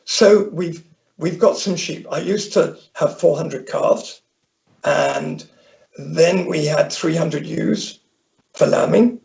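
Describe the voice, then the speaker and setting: Older man, from Northern Ireland, very gravelly, high-pitched, dull lo-fi sound. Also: very animated, takes it slowly, a little mellow. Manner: rambling anecdotal, self-correcting restarts. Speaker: interview guest. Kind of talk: conversational storytelling. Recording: dull lo-fi audio.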